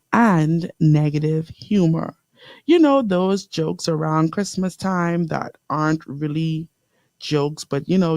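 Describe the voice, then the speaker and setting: Gravelly-voiced woman radio host. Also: sits low, no room sound, clean studio sound. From the Bahamas. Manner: lively, talks straight to listeners, repeats key lines slowly. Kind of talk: inspirational radio talk show. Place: radio studio.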